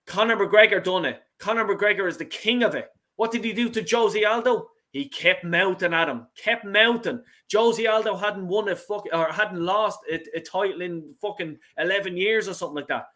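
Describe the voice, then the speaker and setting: A middle-aged man with an Irish accent and a notably high voice, holding forth in a blunt, sweary, impassioned rant. He talks like a fan on a call-in show, thumping home every point. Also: moderate pace, few pauses, pushed and bright. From Ireland. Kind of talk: heated casual football chat.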